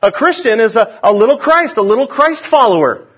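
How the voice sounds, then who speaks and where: Emphatic husky pastor preaching. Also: male voice, very high voice, animated, brisk. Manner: emphatic, calls for congregation responses. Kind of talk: sermon. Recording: dull lo-fi sound.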